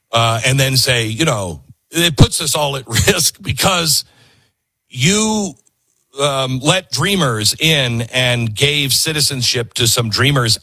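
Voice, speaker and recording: Sarcastic, bright-voiced male commentator. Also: fairly high pitch, slightly rough, no echo. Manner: sarcastic, animated, mocking asides. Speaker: commentary show host. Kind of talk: opinionated political commentary.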